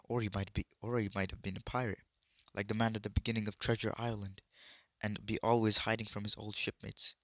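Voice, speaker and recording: A man voicing a miserable, excitable young boy in a storybook reading, talking in an emphatic rush. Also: on the low side, fairly quick, dry recording, clean studio sound. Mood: conspiratorial. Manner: emphatic, wound up.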